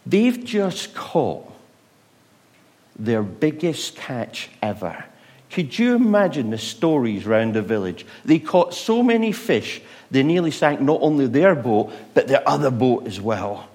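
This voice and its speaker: A man preaching a sermon, retelling stories with rhetorical questions, moving between loud bursts and hushed moments. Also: a little high, big pitch swings, a little slow.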